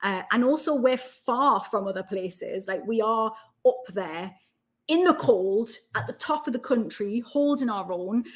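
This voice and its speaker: A woman's voice: fairly high pitch, expressive, measured pace. A woman in her thirties with a Geordie accent, chatting as a podcast guest in a rambling, chatty way with lots of asides. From Newcastle, England. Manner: chatty, rambling, filler-heavy with many asides. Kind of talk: casual podcast chat.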